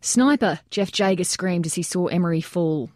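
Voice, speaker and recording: Woman with a low, mellow voice narrating. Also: no room sound, clean studio sound. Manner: measured, steady storytelling that raises its voice for shouted quotes. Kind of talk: nonfiction audiobook narration.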